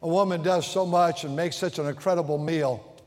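A man preaching a sermon as pastor, swinging between shouted passages and hushed tones. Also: fairly high pitch, fairly even intonation, fairly quick. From United States. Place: large church sanctuary. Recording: long hall reverb in a church.

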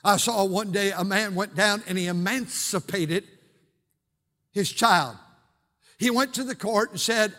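An older man, a pastor preaching a sermon in his church, swinging between shouted preaching and quiet, hushed storytelling. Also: high-pitched, measured pace. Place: church sanctuary. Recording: long reverb of a church hall.

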